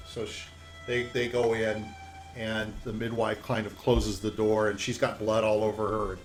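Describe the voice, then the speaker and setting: A man's voice: lowish voice, flat delivery, normal speed, darkish tone, poor audio. A man narrating as game master, telling the scene in a loose, rambling way with many fillers.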